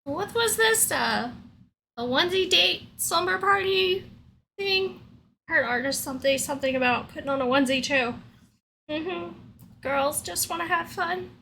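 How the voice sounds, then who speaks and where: A woman's voice: very high voice, expressive, a little slow, creaky, bright, forceful tone, a little hiss or hum, rough recording. A woman livestreamer chatting casually with her viewers in a playful, giggly way, laughing often.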